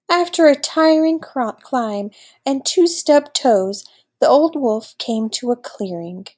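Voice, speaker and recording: Slow, expressive woman reading a storybook. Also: on the high side, slightly rough. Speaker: reader. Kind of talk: storybook read-aloud.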